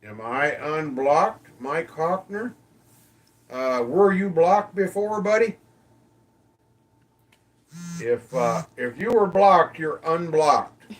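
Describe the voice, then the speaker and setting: A man chats through a livestream at a slow, easygoing pace, calling out viewers by name. His voice sits a little high. He sounds a bit off-mic, as if the phone is set down in front of him. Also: expressive, far from the mic. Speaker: livestream host. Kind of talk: casual livestream chat reading comments.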